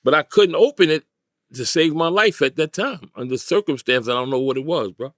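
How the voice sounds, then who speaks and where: A man's voice: fairly high pitch, fairly quick, fairly bright tone, no room sound. A middle-aged man from New York, a guest in a studio interview, telling a vivid street-style story and acting out the voices of others.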